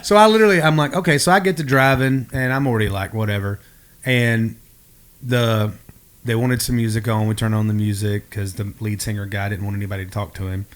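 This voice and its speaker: A man co-hosting a podcast, telling a story in a casual, animated way and acting out the dialogue. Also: lowish voice, a little fast. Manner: animated, acts out quoted dialogue. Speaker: podcast co-host.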